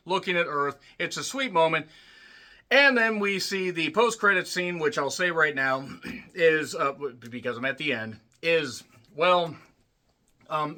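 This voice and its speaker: A man giving a casual, rambling and profane spoken movie recap, often clearing his throat. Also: on the high side, sharp tone. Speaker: movie reviewer.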